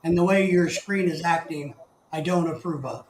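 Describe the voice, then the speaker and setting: A man's voice: on the high side, fairly even intonation, moderate pace. A man hosting a casual live stream, chatting and greeting viewers by name in a rambling way. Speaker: livestream host. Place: living in the Philippines. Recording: echoey room, faint background noise.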